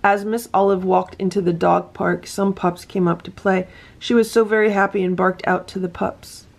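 Reading a picture book to her cats, a gentle woman tells the story in a sing-song voice and excitedly points things out in asides. She speaks at normal speed with a medium pitch and some vocal fry.

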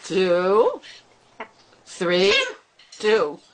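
A woman's voice: medium pitch, very animated, drawn-out words. Woman cooing sing-song baby talk. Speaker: pet owner talking to her bird. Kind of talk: home video, baby talk to a pet. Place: at home. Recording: noisy home camera recording.

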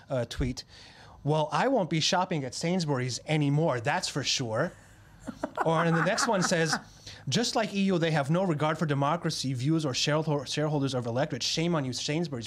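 A man presenting a press review in a television studio, hesitant with many fillers, reading quotes aloud. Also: on the high side. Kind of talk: casual news review.

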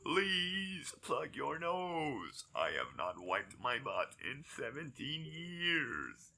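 A man voicing a crude desert thief woman in a slow, gravelly robotic drone, as comic dubbing over a video game. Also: medium pitch, wildly swooping pitch, bright, forceful tone, heavily acted. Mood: crude boasting.

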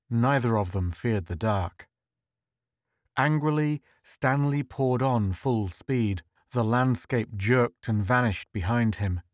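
Male audiobook narrator, unhurried, dry close sound. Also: medium pitch, dry recording. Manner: slow, measured storytelling. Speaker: audiobook reader. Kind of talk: scripted narration.

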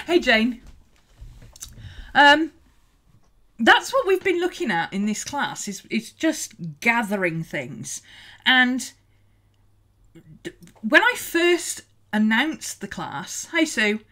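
A woman's voice: on the high side, sing-song, slow, pauses often, fairly bright tone. A woman hosting a casual art livestream, chatting and greeting viewers, laughing often. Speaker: art teacher and livestream host.

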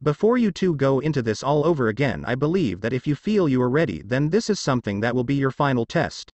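A calm, wise male sensei, as a man reads him speaks in measured, thoughtful tones for a storybook. The sound is dry and close, with a lively pitch. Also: dry recording, muffled recording.

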